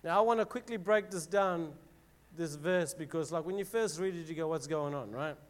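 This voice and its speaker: Casual high-voiced man teaching scripture. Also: moderate pace. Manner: casual, dramatic scripture reading with filler words. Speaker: youth preacher. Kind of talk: Bible teaching talk to a group.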